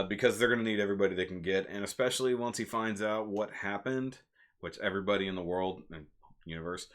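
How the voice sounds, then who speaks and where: A man with a fairly low voice chats casually on a home live stream. He rambles and gets animated, then laughs at himself. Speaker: movie reviewer, channel host.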